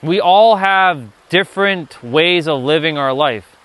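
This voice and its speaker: A man's voice: fairly high pitch, unhurried, fairly bright tone, dry recording. Emphatic, swearing motivational male streamer. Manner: profane, emphatic, repeats himself. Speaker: livestream speaker. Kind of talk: motivational livestream talk.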